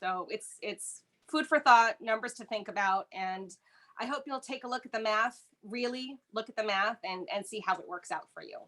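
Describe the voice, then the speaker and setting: A woman's voice: medium pitch, moderate pace, bright, forceful tone. A woman on a union negotiating team, methodically walking listeners through pay figures step by step. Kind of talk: explanatory walkthrough of contract math.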